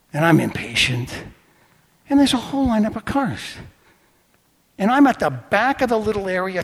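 A male pastor preaching a sermon, telling stories animatedly and swinging from quiet asides to loud outbursts. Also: a little high, in a large hall.

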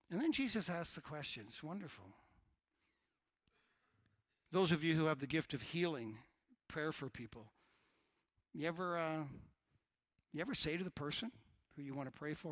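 A middle-aged male pastor delivers an animated sermon, dropping to near-whispers and then shouting out. His voice sits a little high for a man. The sound is dry and close, with little room around it. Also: normal speed, long pauses, no echo. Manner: animated preaching, swinging from hushed to shouted.

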